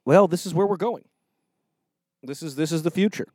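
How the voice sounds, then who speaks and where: A man's voice: a little high, moderate pace, dark tone, no echo, studio quality. A man, a defense attorney and regular guest, telling rambling stories and laughing mid-sentence. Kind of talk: casual podcast chat.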